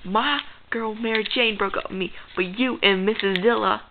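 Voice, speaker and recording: A woman's voice: mid-range voice, moderate pace, noisy background, close to an everyday voice. A woman voicing a goofy male Spider-Man who hosts a joking talk show, in a dull lo-fi home video. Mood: bossy. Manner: joking, bossy, giggly. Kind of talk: improvised comedy skit.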